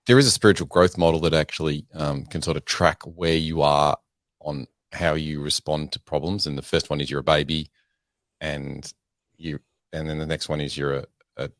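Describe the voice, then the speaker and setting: Podcast guest: man with a very deep voice, tired and sleep-worn, measured delivery, dry sound. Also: fairly even intonation, dry recording. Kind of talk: casual conversation.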